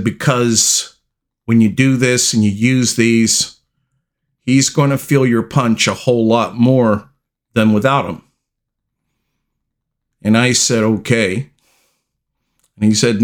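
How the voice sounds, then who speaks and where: A middle-aged man hosting a podcast, telling a personal story in a slow, deliberate way with long pauses. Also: medium pitch. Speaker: podcast host.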